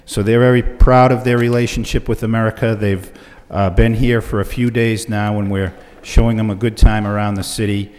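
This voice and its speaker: A man, the mayor, chairing a city council meeting and introducing guests in a measured way, with frequent fillers. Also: on the low side, little pitch movement, darkish tone. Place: council chamber. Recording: reverberant chamber on meeting mics.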